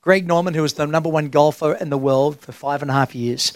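A man's voice: on the high side, steady tone, a little fast, no room sound, studio quality. A middle-aged man preaching a sermon as senior pastor, emphatic and drawn out, asking the crowd rhetorical questions. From Australia.

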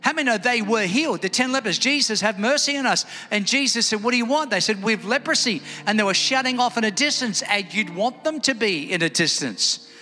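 A man preaching a sermon in a church hall, lively and calling on the congregation to respond. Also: high-pitched, brisk, few pauses. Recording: echoey hall with faint music.

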